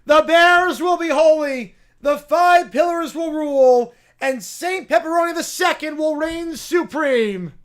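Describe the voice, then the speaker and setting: A fanatical young bear preacher bellows orders in a high, strained voice, declaiming every line like a sermon, as a man puts him on. The delivery is loud and drawn out, with pitch climbing well above an ordinary speaking voice. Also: measured pace, few pauses. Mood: frenzied shouting. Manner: booming, declaiming sermon-like commands.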